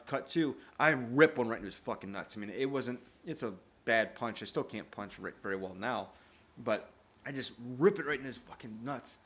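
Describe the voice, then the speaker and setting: A man hosting his own podcast, telling a childhood story with constant swearing. He is animated and laughs often, and his voice sits at an ordinary middle pitch. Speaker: podcast host. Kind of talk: casual personal storytelling.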